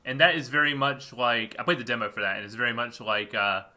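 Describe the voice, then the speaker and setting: A man's voice: medium pitch, fast, pushed and bright. A man co-hosting a podcast, chatting casually in a laid-back way and laughing often. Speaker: podcast co-host. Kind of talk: casual chat.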